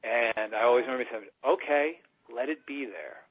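A husky, mid-range male voice at normal speed, heard on a dull lo-fi radio recording. He's an earnest spiritual teacher in a conversational radio interview, often acting out the inner voices he describes.

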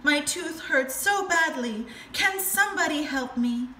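A woman's voice: extremely high pitch, big pitch swings, takes it slowly, sharp tone, echoey room, a little hiss or hum, voice pushed up, heavily acted. Woman doing a wailing, sly crocodile. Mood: fake crying. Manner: sobbing, pleading wail. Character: whiny sly male crocodile faking a toothache.

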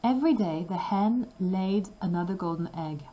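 A woman reading a fairy tale aloud slowly and carefully for language learners. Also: mid-range voice, lively intonation, warm tone, lo-fi sound, a little hiss or hum. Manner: slow, careful and clearly paced. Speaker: storybook reader.

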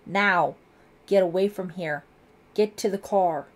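A woman reading an audiobook, voicing a stern middle-aged police lieutenant who shouts orders. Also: high-pitched, little pitch movement, normal speed, close to an everyday voice. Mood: shouting orders. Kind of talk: audiobook character voice.

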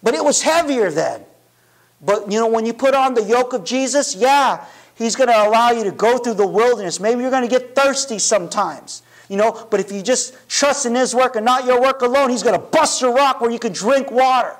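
A man with a very high voice preaches a sermon in a loose, conversational way. He keeps checking in with his listeners and restarts sentences as he thinks aloud. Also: animated, moderate pace. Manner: conversational preaching, frequent "right?" and "you know" asides; restarts and self-corrections. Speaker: pastor.

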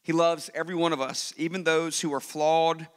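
A male pastor preaching a sermon, telling stories with lively swings between hushed and loud delivery. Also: a little high, moderate pace, long reverb tail. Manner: animated storytelling preacher, swings from soft to loud.

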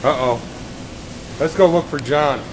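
Unhurried and fairly high in pitch, a middle-aged man provides joking, casual commentary for a vlog while filming his friends, poking fun at them with mock formality. The audio from his handheld camera is noisy.

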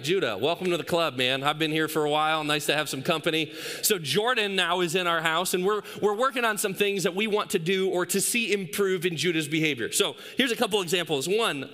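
A man in his thirties preaches from a church stage with a bright, forceful voice that sits a little high for a man. He tells family stories casually, slipping into playful quoted voices before turning to the lesson. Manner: storytelling with playful acted quotes of his toddler. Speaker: pastor. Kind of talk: sermon with personal stories.

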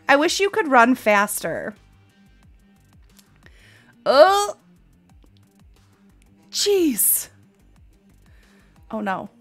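A woman's voice: sits high, very animated, drawn-out words, pauses often, soft background music. A woman in her thirties streaming a game live, chatting with viewers, laughing often and crying out while she plays.

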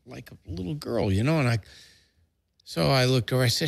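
An older man with a medium-pitched voice, moderate pace and vocal fry casually tells a family story to a relative on a dry recording. A lively storyteller guest, he swears freely and acts out quotes with a jump in his voice, raising it.

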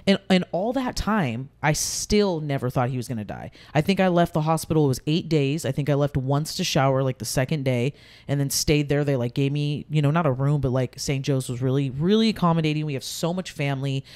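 A woman's voice: sits low, fairly quick, a little mellow. A woman in her thirties, a podcast guest, telling a personal story candidly in casual conversation, with many fillers. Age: 30s.

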